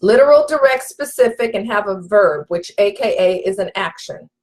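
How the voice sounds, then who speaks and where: A woman's voice: medium pitch, expressive, normal speed, darkish tone, rough recording. A woman relationship coach teaching live, emphatic and preachy, repeating her key points and calling out to viewers. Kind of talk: live-stream teaching, reading viewer comments.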